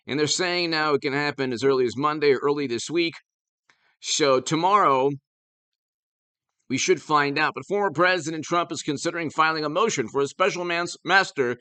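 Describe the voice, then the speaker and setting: A man delivering opinionated political commentary on his own channel, with a bright, forceful tone and a voice pitched a little high for a man. He talks emphatically and urgently, often stumbling over restarts and repeated words as he presses his point.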